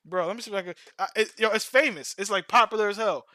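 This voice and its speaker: High-pitched and sharp, a man chats quickly on a casual stream, loosely stringing together lengthy slang-filled tales. He keeps repeating words and starting over. The recording is dry and studio quality.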